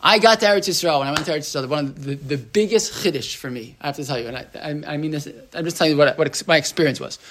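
A man's voice: on the high side, very fast, hardly any pauses, fairly bright tone. Guy rabbi giving a torah class, loose and talky, lots of like and right, hebrew words sprinkled in. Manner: chatty, asks the room "right?", lots of restarts and "like"; mixes Hebrew terms into English.

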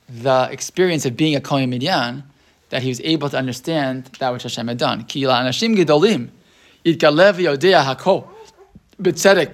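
A man's voice: on the high side, a bit bright. A man teaching a Torah class in a casual, rambling way, with many restarts and tag questions.

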